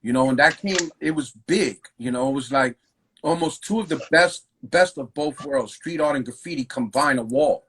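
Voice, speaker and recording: A graffiti writer telling stories in a loose, profane, slang-heavy way during a casual interview. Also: male voice, medium pitch, moderate pace, a bit bright, husky, rough recording. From New York.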